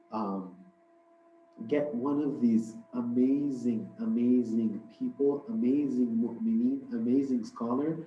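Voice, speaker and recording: A man's voice: mid-range voice, pitched below the performer's own voice, close to an everyday voice. A man voicing a weary, mocking male devil in a story he tells during a religious talk, with a smug, unbothered manner. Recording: roomy, dull lo-fi hall recording.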